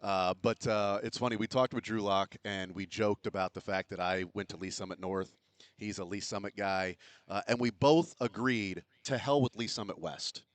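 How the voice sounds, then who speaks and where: A man's voice: fairly low pitch, steady tone, moderate pace, smooth, dry recording. A man hosting a sports radio show in casual chat, rambling with many fillers and restarts. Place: radio row at a big sports event.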